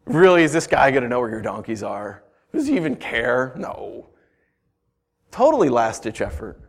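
A man's voice: on the high side, big pitch swings, normal speed, a bit bright. A man preaching as pastor, reading scripture and then explaining it in a conversational way, full of rhetorical questions.

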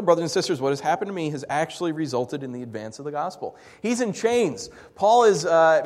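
A man preaching a sermon as pastor, animated and jokey, swinging between loud bursts and hushed asides. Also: medium pitch, long reverb tail.

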